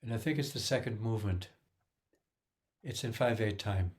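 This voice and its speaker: A man's voice: on the low side, normal speed, a little mellow. A man giving a casual music lesson, counting beats aloud and humming rhythms to explain metre. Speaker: music teacher.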